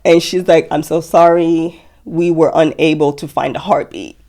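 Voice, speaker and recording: A young woman telling her story as a guest in an interview, speaking softly with many fillers and quoted dialogue. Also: low voice, fairly even intonation, normal speed. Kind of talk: emotional personal interview.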